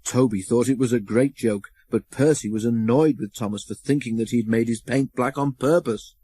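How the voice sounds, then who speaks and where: A man narrating a children's storybook in a measured, expressive way on a close studio mic. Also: mid-range voice, husky, no room sound.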